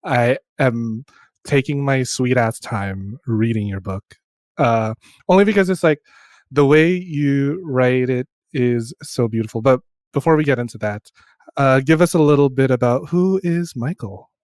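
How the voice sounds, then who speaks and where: A man's voice: mid-range voice, a little slow, darkish tone, dry recording. A man hosting a podcast in casual chat, campy and joking, often laughing, on a close mic. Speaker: podcast host.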